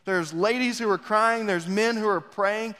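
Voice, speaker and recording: A man preaching a sermon in a church, telling a story dramatically and swinging between loud rises and hushed, quiet passages. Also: high-pitched, a little slow. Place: church sanctuary. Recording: long reverb of a church hall.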